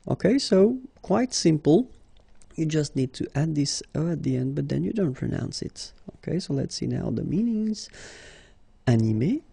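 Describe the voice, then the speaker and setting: A man's voice: a little high, very animated, gravelly, dark tone, breathy edge, no echo. A man with a French accent teaching a language lesson, patient and explanatory. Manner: patient and explanatory, slow and deliberate.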